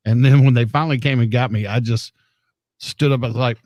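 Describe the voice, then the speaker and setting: Male radio host spinning a casual on-air yarn, mid-pitched, dead-dry studio sound. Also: fairly even intonation, fairly quick, darkish tone, no room sound. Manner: loose, chatty storytelling with fillers.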